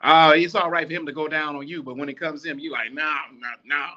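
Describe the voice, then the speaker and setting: A man's voice: fairly high pitch, fairly even intonation, fast, sharp tone, highs cut off. A man hosting a podcast, giving blunt, profane advice in a casual, preachy, repetitive monologue. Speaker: podcast host.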